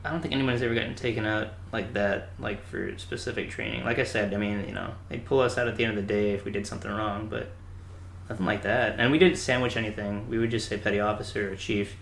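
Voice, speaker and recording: A man telling lively stories in a casual chat, acting out quotes between laughs. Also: on the low side, fast talker, gravelly. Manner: animated, acts out quotes with laughter. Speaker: podcast guest. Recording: roomy with faint background hiss.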